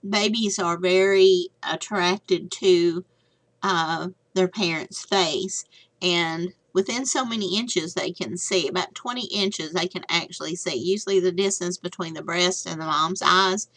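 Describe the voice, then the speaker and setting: A woman's voice: on the low side, a bit bright. An older woman giving a recorded slide lecture as a nursing instructor, chatty with folksy asides.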